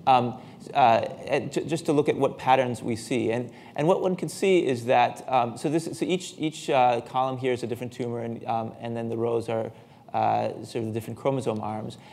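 A man giving a conference talk in a lecture hall, halting and full of fillers and restarts. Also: mid-range voice, fairly even intonation, vocal fry, a little mellow. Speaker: scientific speaker.

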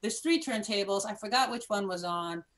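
A Cuban American woman in her fifties, a podcast guest in casual chat, telling animated stories with many restarts. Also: mid-range voice, moderate pace, slight background noise. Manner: animated storyteller with many restarts and acted-out moments.

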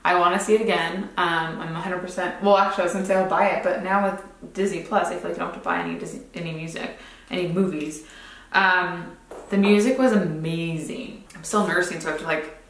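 A woman's voice: on the low side, fairly even intonation, brisk, fairly bright tone. A young woman, a beauty vlogger, chatting casually through a makeup routine, rambling with lots of "like" and "um". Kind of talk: casual makeup tutorial chat. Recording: roomy echo.

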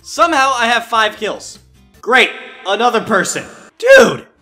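A man's voice: very high voice, expressive, normal speed, sharp tone, faint music behind. A young man giving playful gameplay commentary, yelping and squealing when something startles him. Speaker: gaming YouTuber.

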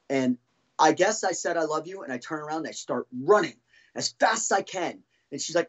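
A man telling his own story as a podcast guest, halting and restarting often as he talks. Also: fairly high pitch, lively intonation, slightly rough, muffled recording. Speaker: guest, former band drummer. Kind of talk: casual podcast interview storytelling.

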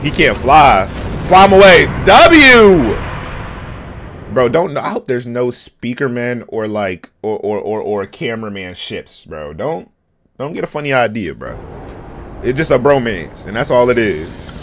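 Excitable young man reacting loudly. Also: mid-range voice, moderate pace, slight background noise. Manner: excitable, shouts and laughs at the screen, heavy slang. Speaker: reaction channel host. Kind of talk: casual reaction commentary.

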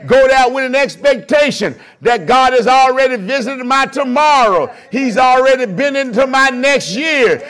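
A man preaching a sermon in call-and-response style, pushing his voice up into shouts on key lines. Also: very high-pitched, animated, moderate pace, few pauses. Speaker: pastor.

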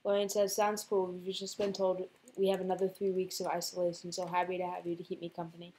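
A woman's voice: on the low side, completely flat delivery, quick pace, warm tone, slight background noise, low-quality recording. A woman reading viewer comments aloud during a live stream, in a plain delivery.

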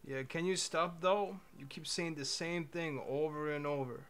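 A man's voice: fairly high pitch, normal speed, a bit bright, slight background noise. A young man streaming casually, laughing, swearing and telling a chatbot to move on. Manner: laid-back, laughing, swearing, impatient with the bot. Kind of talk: casual livestream chat.

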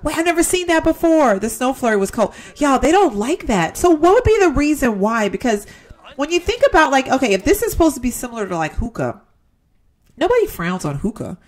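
A young woman chats through her gameplay, addressing her viewers directly and reacting out loud to each moment. Her pitch rises and falls a great deal, giving her talk a lively, animated swing. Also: a little fast. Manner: chatty, talks to viewers as "y'all", exclaims at the game. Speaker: gaming YouTuber. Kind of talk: casual let's-play commentary.

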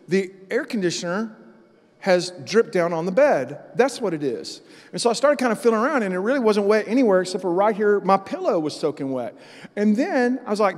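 A man preaching a sermon as pastor, telling an animated story in a church. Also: high voice, brisk, long reverb tail. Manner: storytelling, animated and loud in acted-out parts. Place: church sanctuary.

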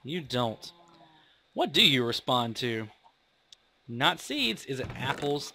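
A young man talking through a game as he plays, chatty and rambling and quick to poke fun at himself. His voice is bright and tense-edged, swinging up and down in pitch with plenty of life. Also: very animated. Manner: rambling, chatty, self-mocking. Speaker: gaming video host. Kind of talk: casual let's-play commentary.

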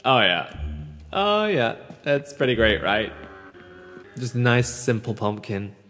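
A man hosting a let's play, commenting in a sweary, animated way. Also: mid-range voice, takes it slowly. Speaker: gaming channel host. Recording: roomy reverb with game music behind.

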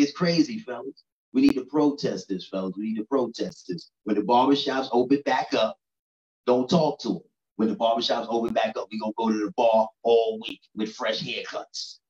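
A man's voice: fairly low pitch, darkish tone, distant mic. A stand-up comedian from New York City in his thirties, talking to the crowd in a loose, chatty way and often asking "you know what I'm saying.". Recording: roomy echo, dull lo-fi sound.

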